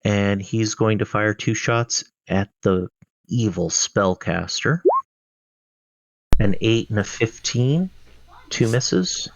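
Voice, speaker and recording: A man narrates monster turns as dungeon master, unhurried and full of hesitations. His voice is bone-dry and a little dull, as on an online voice call. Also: lowish voice, expressive, dry recording. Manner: hesitant, many fillers. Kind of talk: narrating a tabletop game online.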